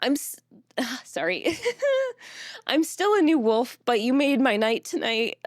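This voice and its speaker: A young woman streamer chatting casually with her viewers, teary and close to crying, talking softly with nervous laughs. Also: high voice, animated, slow, no echo. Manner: soft, thankful, breaking into nervous laughs. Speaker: streamer reading chat. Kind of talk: casual live-stream chat.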